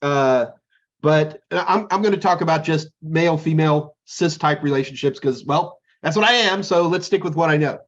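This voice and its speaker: A man's voice: on the high side, moderate pace, dull audio. A middle-aged man co-hosting a casual chat, rambling and joking as he tells stories. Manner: rambling, jokey, animated storytelling. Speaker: podcast co-host.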